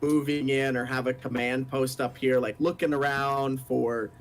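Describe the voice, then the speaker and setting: A man's voice: medium pitch, fairly even intonation, moderate pace. A man playing a tabletop game who thinks aloud and hesitates, often restarting his sentences. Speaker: player. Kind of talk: casual tabletop game chat.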